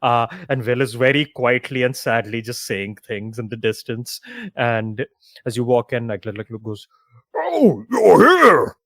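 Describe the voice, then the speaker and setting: Man, game master, casual rambling narration, mid pitch, dry sound. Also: little pitch movement, moderate pace, a bit bright, dry recording. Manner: casual, rambling, many fillers.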